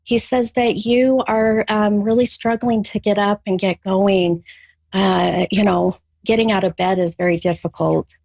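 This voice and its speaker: A woman doing a psychic reading for a caller, halting with many ums, then bursting into gushing excitement. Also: medium pitch, creaky, no echo, dull audio. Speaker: psychic medium. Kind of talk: live spirit reading with a caller.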